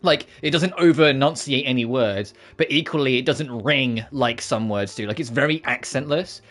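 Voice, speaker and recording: A man's voice: medium pitch, fairly bright tone. Brief: British-born male streamer, casual, rambling, sweary. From United Kingdom. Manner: rambling, sweary and quick to laugh. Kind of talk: casual live-stream commentary.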